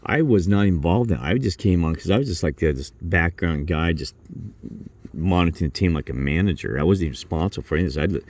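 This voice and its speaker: A man telling a rambling work story in casual talk, acting out his coworkers' lines in a higher voice. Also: expressive, fast talker, darkish tone, slight background noise. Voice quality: low gravelly voice. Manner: rambling, acts out coworkers' lines with raised pitch.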